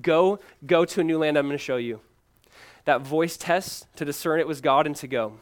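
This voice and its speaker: A male pastor preaching a sermon, swinging from loud emphatic lines to hushed, pleading ones and repeating key phrases. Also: on the high side, normal speed.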